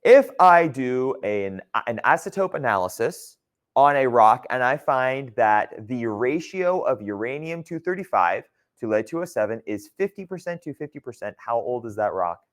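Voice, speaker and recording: A man's voice: mid-range voice, sing-song, normal speed. A man teaching a geology class in a conversational lecture style, often checking in with his students. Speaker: geology instructor.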